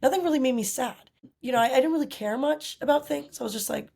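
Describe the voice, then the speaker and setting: A woman's voice: sits high, fast, vocal fry, darkish tone. A young woman from Costa Rica, a podcast guest, talking in an earnest, thoughtful way with frequent "you know" and "like". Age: young adult. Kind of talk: reflective conversational interview.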